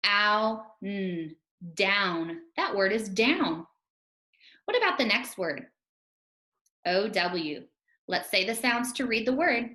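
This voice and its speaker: A woman teacher giving a phonics lesson to young children, speaking slowly and encouragingly and sounding out letters one by one. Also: medium pitch, pushed and bright. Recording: roomy echo.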